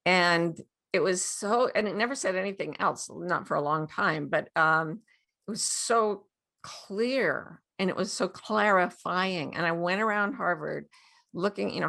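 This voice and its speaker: In an unhurried, lowish voice with vocal fry, this sixty-something guest author spins animated stories for an interview. She acts out the quotes she tells and laughs often.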